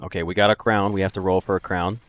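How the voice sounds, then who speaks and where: A man's voice: low voice, little pitch movement, quick pace, fairly bright tone, slight background noise. A man streaming a puzzle game, chatting casually and joking with his viewers. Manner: joking, chatty, laughs often. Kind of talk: casual gaming commentary.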